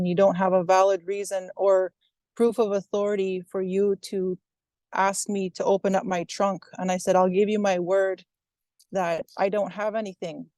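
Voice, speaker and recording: Woman telling her story in an even voice. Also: medium pitch, dry recording. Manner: steady, even retelling with quoted dialogue. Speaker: recounting a personal incident. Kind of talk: first-person account.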